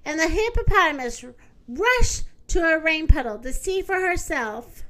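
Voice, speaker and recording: A woman reading a children's story aloud in a gentle, expressive manner. Her voice is high and bright. She takes her time, with lots of melody in each line. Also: measured pace.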